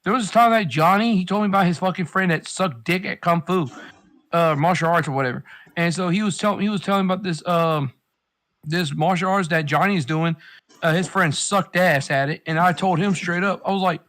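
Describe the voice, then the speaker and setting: Man, slightly higher voice, casual chat, rambling and profane, advice-giving. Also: a little fast, fairly bright tone.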